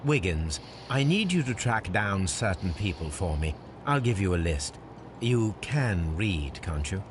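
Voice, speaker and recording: An actor playing a calm, sardonic male detective, speaking in a dry, measured way. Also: low-pitched, background noise.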